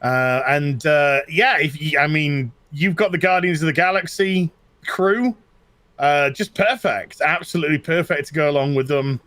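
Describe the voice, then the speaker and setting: Co-host guy, slightly higher voice, stop-start with lots of ums, dry sound. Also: fairly bright tone, no room sound. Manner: halting, repeats himself, lots of fillers. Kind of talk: casual chat reviewing collectible figures.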